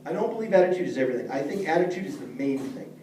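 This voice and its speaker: Middle-aged guy teaching a class, higher mellow voice, earnest and direct, echoey room, mic kinda far, faint noise. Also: lively intonation, racing. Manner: earnest, plain-spoken, addresses listeners directly. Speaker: leadership teacher. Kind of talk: speaking to a class.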